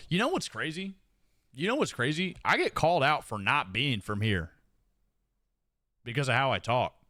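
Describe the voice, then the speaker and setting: Male streamer, Southern twang, animated and profane, close dry mic. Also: mid-range voice, moderate pace, dry recording. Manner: laughs often, swears, animated. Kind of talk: casual chat with viewers.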